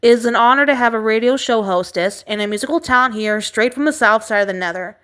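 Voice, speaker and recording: A woman voicing a cheerful, eager young demon princess who chirps brightly. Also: fairly high pitch, fast, clean tone, natural voice. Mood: chirpy.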